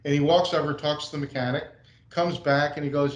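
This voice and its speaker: A man's voice: fairly high pitch, fairly even intonation, fairly quick. Man, middle-aged, from the USA, casual rambling storyteller, video call audio, echoey room. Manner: casual, rambling anecdote with acted quotes. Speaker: guest speaker, race car designer. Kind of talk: relaxed storytelling Q&A.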